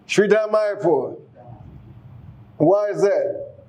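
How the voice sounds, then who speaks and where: A man's voice: high-pitched, lively intonation, drawn-out words, darkish tone, a little hiss or hum. A man giving a casual sermon, exhorting the congregation, often repeating and restarting his words. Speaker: speaker giving a class.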